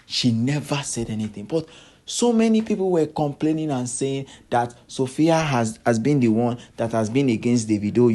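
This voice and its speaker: A man's voice: mid-range voice, mellow. Repetitive man in celebrity gossip monologue. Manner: repetitive, emphatic, rhetorical questions. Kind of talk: solo monologue commentary.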